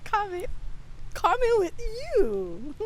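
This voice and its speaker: Woman playing a vain Nigerian girl showing off, high lively voice, faint hiss behind. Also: very slow, full character voice, poor audio. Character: vain young woman dressed up for London. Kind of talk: comedy skit acting.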